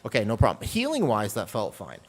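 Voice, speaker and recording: A man streaming a game, calmly talking through his play and chatting with viewers in a relaxed, thinking-aloud way. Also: on the low side, brisk. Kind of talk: live gameplay commentary and casual chat.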